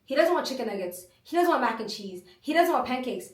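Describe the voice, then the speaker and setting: A young woman co-hosting a casual podcast, telling lively stories to viewers and swearing as she goes. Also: high voice, fast talker. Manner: lively storyteller, swears, addresses viewers as guys. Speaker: podcast co-host. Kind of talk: casual chat. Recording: echoey room, mic at a distance.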